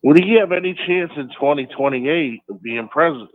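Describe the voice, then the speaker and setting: A man's voice: on the high side, brisk. A man with a Boston accent calling in to a radio show, chatting and scornful about politicians. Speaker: caller. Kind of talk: call-in radio chat. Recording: tinny phone line.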